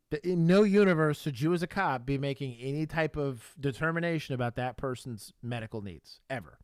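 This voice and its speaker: A man with a Texan accent, a former cop co-hosting a casual livestream and explaining police work with lively laughter. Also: fairly high pitch, dry recording. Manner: laughing, animated, explaining in plain terms. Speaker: podcast co-host, former police officer.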